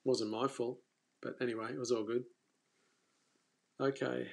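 A man hosting a fishing live stream, telling a story casually and with energy, stumbling and restarting, then trailing off quietly. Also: medium pitch, flat delivery, measured pace, vocal fry. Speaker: fishing coach and channel host.

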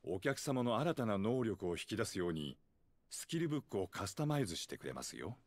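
A man's voice: on the low side, very animated, rapid-fire, a little mellow, dry recording. An actor playing a polite, helpful male innkeeper in a game dub, speaking formally and deferentially. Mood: courteous. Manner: formal, deferential hospitality speech. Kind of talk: Japanese game dub acting.

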